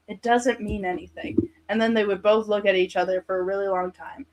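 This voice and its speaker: A woman co-hosting a casual chat show, excitable and eager to share things. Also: mid-range voice, brisk, few pauses, rough recording. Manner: excitable, reads posts aloud with gusto. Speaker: podcast co-host.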